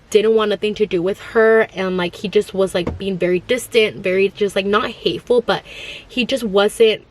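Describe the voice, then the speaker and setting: A woman's voice: mid-range voice, a little hiss or hum. A woman in her thirties telling a casual storytime, rambling with lots of filler words and sometimes dropping in Spanish phrases. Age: 30s. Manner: rambling, heavy use of "like" fillers. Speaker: vlogger.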